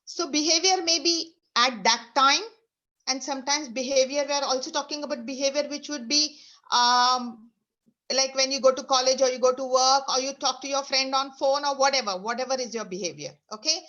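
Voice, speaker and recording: A woman's voice: sits high, steady tone, brisk, sharp tone, lo-fi sound. A woman leading an online motivational workshop, guiding listeners through exercises with repeated instructions. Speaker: speaker leading an online session. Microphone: video call.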